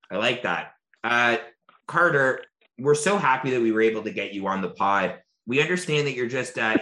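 A man hosting a casual podcast, talking loosely with lots of filler. His voice sits low but sounds bright and forward. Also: echoey room. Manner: chatty, hedging with fillers and jokes. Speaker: podcast host. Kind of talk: casual chat.

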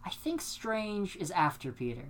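A woman co-hosting a casual chat show, retelling a film scene in an animated, profane way, acting out the dramatic moments. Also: fairly low pitch, unhurried, a crowd in the background. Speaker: podcast co-host.

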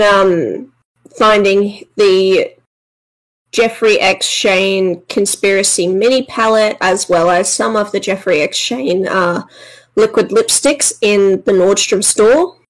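A woman's voice: medium pitch, slow, low-quality recording. A woman co-hosting a podcast, giving blunt, dismissive opinions in casual chat. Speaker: podcast co-host.

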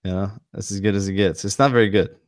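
A man's voice: fairly low pitch, fairly even intonation, quick pace, dry recording, studio quality. A man co-hosting a casual podcast over a video call, rambling with lots of fillers and restarts. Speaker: podcast co-host, streamer.

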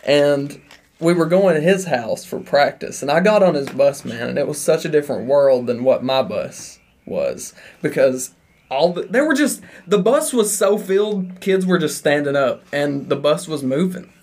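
A man's voice: on the high side, expressive, moderate pace, a little mellow. A man co-hosting a podcast who chats casually and tells stories, laughing often. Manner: laughing, storytelling. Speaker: podcast co-host. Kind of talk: casual chat.

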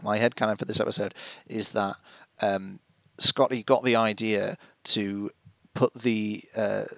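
A man's voice: lowish voice, level tone, measured pace, gravelly, fairly bright tone, dry recording. A man co-hosting a casual podcast, talking in a rambling, hesitant way with frequent restarts. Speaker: podcast co-host. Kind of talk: casual chat about a TV episode.

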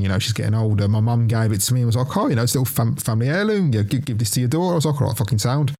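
A young man casually telling a story on a podcast, swearing often and laughing as he goes. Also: fairly low pitch. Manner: animated, swears constantly, laughs through the telling. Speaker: podcast co-host.

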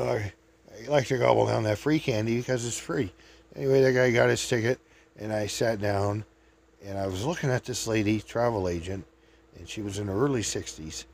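A man spins meandering personal anecdotes in a chatty, casual voice of ordinary pitch. Faint background noise sits behind him. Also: vocal fry, a little mellow. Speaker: vlogger. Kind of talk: rambling storytelling.

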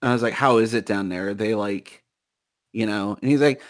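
A young man in casual chat, telling a story in an animated way and acting out his friends' lines. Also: fairly low pitch, normal speed, no room sound, studio quality.

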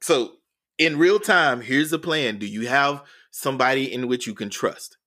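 Earnest guy telling a long story on a podcast, keeps repeating words, average pitch. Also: unhurried, pushed and bright. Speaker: interview guest, educator.

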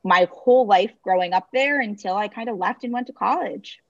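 A Boston-area woman in her late twenties, a marketing director, appears as a podcast guest in a casual interview over a remote call. Her mid-range voice is neutral, articulate and upbeat, and she speaks briskly. The recording is muffled with no room sound.

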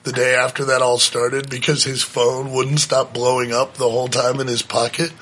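A man's voice: mid-range voice, level tone, normal speed, a bit bright, slight background noise. A man joining a casual podcast chat, adding wry jokes.

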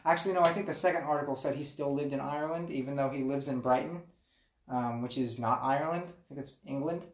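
A man's voice: medium pitch, quick pace, echoey room. A man co-hosting a casual chat, rambling and laughing often. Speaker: podcast co-host.

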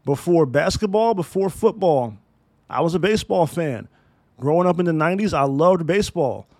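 A man's voice: a little high, expressive, normal speed, a little mellow, dry recording. A man in his thirties from Maryland hosting a solo podcast, talking in a blunt, profane, emphatic way. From Maryland, USA. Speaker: podcast host. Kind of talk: opinionated solo podcast monologue.

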